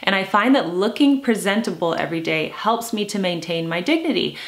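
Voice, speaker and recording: A woman in her thirties, a lifestyle vlogger talking to camera in a calm, earnest way, slowing down to stress her points. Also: medium pitch. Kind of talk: casual talk to camera.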